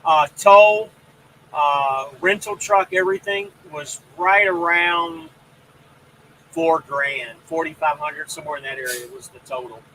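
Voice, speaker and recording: Man, stream host, casual chat, greets viewers, bright tone, slightly high pitch. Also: measured pace, slight background noise, low-quality recording. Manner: rambling, reads out viewer comments. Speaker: trucking live stream host.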